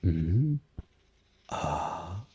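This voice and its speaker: German guy in a whispered role-play, low breathy whisper, super slow, dry close mic. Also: very animated. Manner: soft, slow, patient teaching with repeated phrases. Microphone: binaural mic.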